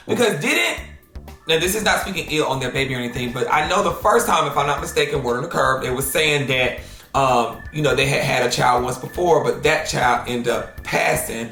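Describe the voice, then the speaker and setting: Sassy bright-voiced man, roomy echo. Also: medium pitch. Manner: sassy, slangy, animated storytelling. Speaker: drama commentary host. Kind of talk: gossip commentary.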